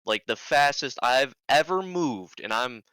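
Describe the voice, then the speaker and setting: Young man telling a story, crisp voice. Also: mid-range voice, unhurried, dry recording, poor audio. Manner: animated, swears freely. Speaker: podcast guest. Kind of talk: casual storytelling.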